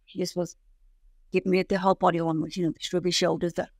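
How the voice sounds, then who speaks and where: A woman guest on a podcast interview, telling stories in an animated way and acting out the people in them. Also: on the low side, fast, no echo. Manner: animated storyteller who acts out the people in her stories. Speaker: guest, founder of a riding centre.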